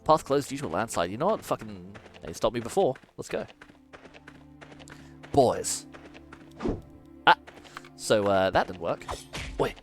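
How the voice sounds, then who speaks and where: A man's voice: fairly low pitch, very animated, measured pace, long pauses, soft background music. A man streamer giving casual gameplay commentary, playful and swearing freely as he muses aloud.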